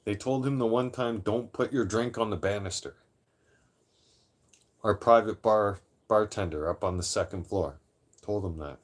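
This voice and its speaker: A man's voice: on the low side, moderate pace. Rambling, profane man in his late thirties. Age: 30s; late 30s. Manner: profane, rambling, repeats and restarts phrases. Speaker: livestream host. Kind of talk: casual storytelling to a live chat.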